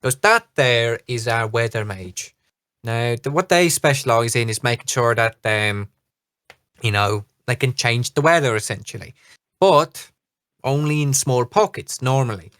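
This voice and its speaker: A man voicing a boisterous, rambling ship captain who talks loudly and jovially. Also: medium pitch, measured pace, smooth, no room sound, clean studio sound, lightly acted. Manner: loud, jovial, rambling, hesitant.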